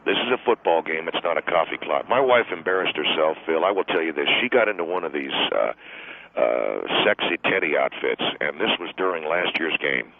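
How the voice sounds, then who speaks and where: A man's voice: rumbling low, animated, brisk, vocal fry, pitched below the performer's own voice, exaggerated voice. A man voicing an irritable middle-aged football coach who rants indignantly about wives at games, heard over a phone line. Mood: grumbling. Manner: blustering, indignant ranting.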